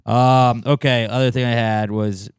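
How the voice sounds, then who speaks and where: Talking a little slowly in a clean tone, a man co-hosting a podcast spins stories in casual chat. He animatedly performs quotes with sweeping pitch jumps, and the studio-quality audio has no echo.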